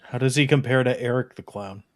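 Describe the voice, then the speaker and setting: A man's voice: mid-range voice, a little fast, no room sound. A man co-hosting a casual podcast, chiming in with dry, teasing banter. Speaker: podcast co-host.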